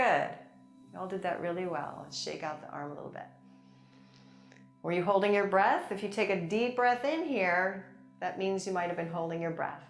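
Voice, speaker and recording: A woman teaching a chair yoga class, gently guiding breaths and movements with encouragement and light laughs. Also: on the low side, creaky. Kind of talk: guided yoga class instruction. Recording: echoey room with soft music. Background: soft background music.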